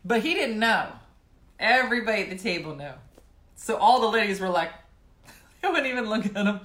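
A middle-aged woman telling family stories in a casual chat to viewers, laughing and clearing her throat now and then. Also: medium pitch, lively intonation, normal speed, pauses often, a bit bright, roomy sound.

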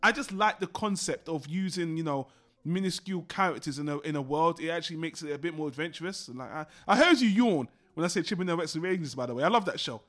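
A man's voice: a little high, fast talker, fairly bright tone. Upbeat man gushing about old cartoons. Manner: enthusiastic, nostalgic. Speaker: podcast co-host. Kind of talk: casual film discussion.

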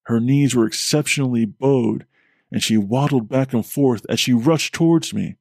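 Horror podcast host with a low, gravelly voice reading a story in steady, measured narration, dry sound. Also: male voice, no echo.

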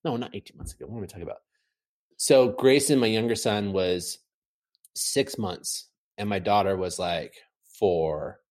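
A man chatting casually from home, telling an animated, rambling story full of fillers. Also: lowish voice, moderate pace. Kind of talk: casual chat.

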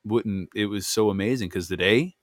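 A young man hosting a podcast, telling family stories in a casual, animated way, laughing often and acting out what people said. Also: fairly low pitch, measured pace, no room sound, studio quality. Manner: animated storyteller, laughs often, acts out dialogue. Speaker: podcast host. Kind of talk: casual chat.

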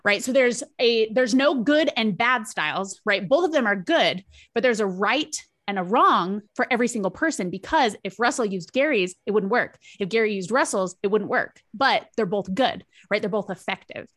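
A woman's voice: medium pitch, animated, moderate pace, hardly any pauses, fairly bright tone. A woman business coach explaining her ideas as a podcast guest, fluent and methodical, often checking in with "right?". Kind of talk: conversational explaining.

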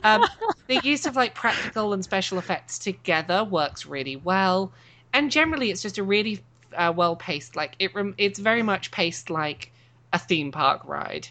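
A woman co-hosting a casual chat, giving measured, opinionated takes on films. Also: mid-range voice, lively intonation, a bit bright.

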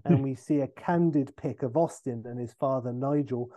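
A man hosting a podcast, telling a comic film pitch in a rambling way with fillers and self-corrections. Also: moderate pace, mellow, dull audio.

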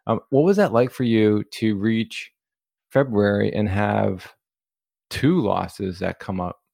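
A man's voice: fairly low pitch, slow pace, vocal fry, darkish tone, no echo, studio quality. A man hosting a podcast interview, empathetic and casual, with many fillers. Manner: empathetic, filler-heavy, says like a lot. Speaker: podcast host.

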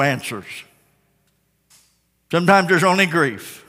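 High-voiced preacher guy, bright and sharp, folksy storytelling that builds up fervent, big hall echo. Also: animated, measured pace. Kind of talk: sermon.

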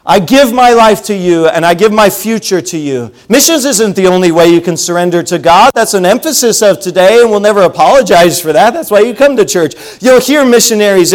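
A preacher with a somewhat high voice delivers a sermon. He tells a personal story with lively energy and swings from booming calls to quiet, confiding asides. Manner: animated storytelling, swings between loud calls and hushed asides.

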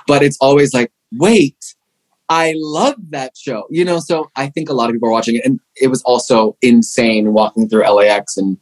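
A young man from Pittsburgh chats as an interview guest, telling stories in a loose, rambling way full of "like" and "you know". His voice sits at an ordinary middle pitch, and he keeps an easy, animated flow. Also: fast talker, hardly any pauses. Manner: rambling, animated, many fillers and restarts. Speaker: actor guest. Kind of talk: casual interview chat.

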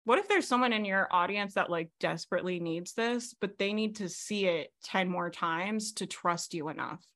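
A woman coaching on a video call. She talks fast and animatedly, with many fillers. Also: mid-range voice, a bit bright. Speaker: business coach.

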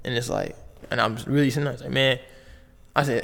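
A man's voice: mid-range voice, fairly even intonation, fast talker, vocal fry, fairly bright tone, long reverb tail. A young man from Las Vegas, a basketball player telling his story in loose, slangy casual talk full of fillers and restarts. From Las Vegas, USA.

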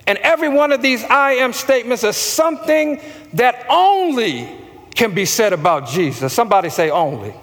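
A male pastor preaching a sermon, slow and emphatic, calling on the congregation to repeat after him. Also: extremely high pitch, expressive, fairly bright tone, in a large hall.

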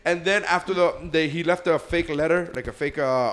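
A young man chatting casually with friends, swearing often and getting excited as he retells cartoon scenes. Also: a little high, a little fast. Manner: excitable, swearing, laughing storyteller. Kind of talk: casual podcast chat.

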